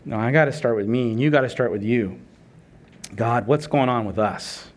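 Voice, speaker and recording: A man's voice: medium pitch, moderate pace. A middle-aged man preaching a sermon in a conversational way, asking rhetorical questions and acting out prayers and dialogue. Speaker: pastor.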